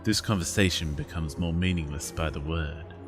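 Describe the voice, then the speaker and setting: A man putting on a deep, ominous giant serpent. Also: normal speed. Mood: menacing. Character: monumental ancient serpent, menacing and scornful. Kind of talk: reading game dialogue aloud in a put-on voice. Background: game music.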